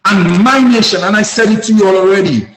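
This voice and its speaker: A man from Dominica with a Dominican accent, calling in to a radio talk show with fervent, preachy commentary that rises to shouts. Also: high-pitched, brisk, echoey room, low-quality recording. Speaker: caller. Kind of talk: impassioned call-in commentary.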